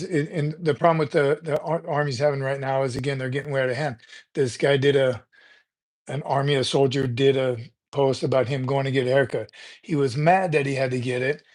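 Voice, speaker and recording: A man's voice: medium pitch, fairly even intonation, normal speed. An older man hosting a casual livestream chat, talking in a loose, rambling way and often repeating words as he gathers his thoughts. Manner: rambling, conversational, repeats words while thinking. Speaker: livestream host.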